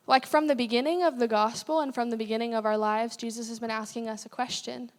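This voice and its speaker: A young woman with a slightly high voice gives a sermon in a church, talking plainly and candidly and breaking off into asides. Her voice rings out in a long, hall-like reverb. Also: steady tone, quick pace, few pauses. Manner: candid, conversational preaching with asides and self-corrections. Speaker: guest speaker. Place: church sanctuary.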